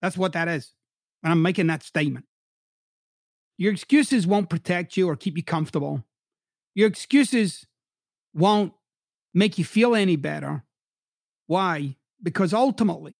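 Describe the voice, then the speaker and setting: A man's voice: sits high, moderate pace, gravelly, pauses often, a little mellow, no room sound, studio quality. A middle-aged man who hosts a podcast and used to coach, giving a blunt, profane motivational monologue with heavy emphasis. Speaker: podcast host, former coach.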